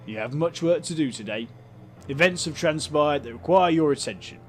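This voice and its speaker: A man doing a Cockney accent, big bearded councillor from a game, calm tone, clipped 'em, faint music behind. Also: a little high, moderate pace, natural voice. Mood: calm, welcoming. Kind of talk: reading game dialogue aloud.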